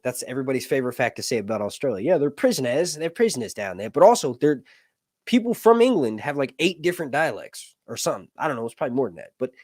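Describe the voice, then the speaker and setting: A man's voice: medium pitch, dry recording. An American man hosting a casual livestream, rambling, correcting himself and joking as he talks. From United States. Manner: rambling, self-correcting, jokey. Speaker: livestream host.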